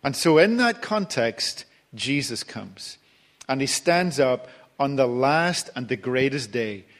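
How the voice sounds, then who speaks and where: A man preaching a sermon at a middle pitch, in a relaxed teaching tone. He talks as if chatting with the congregation, often stopping to restart a phrase or fill a gap, and drops his voice softer at the ends of thoughts. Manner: conversational, halting, with many fillers and restarts.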